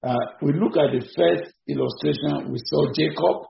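A man preaching with a gravelly, mid-pitched voice, pressing his points again and again and now and then rising sharply in pitch and volume. The recording is roomy and echoey, and its sound is dull and muffled. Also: moderate pace. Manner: emphatic, repetitive preaching with sudden rises in pitch and volume. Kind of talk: evening sermon.

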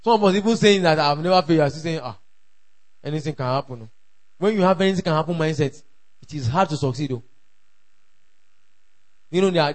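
A man preaching a sermon, emphatic and repetitive, calling out declarations and shouting at the peaks. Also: on the high side. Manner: emphatic, repeats lines for the crowd to echo, shouts at peaks. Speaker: pastor.

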